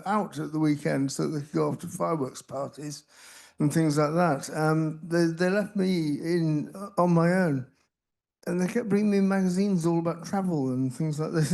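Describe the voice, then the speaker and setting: Gravelly older man, self-deprecating rambler. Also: fairly high pitch, darkish tone. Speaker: panelist, researcher with Parkinson's. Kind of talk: casual anecdotal talk. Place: conference hall.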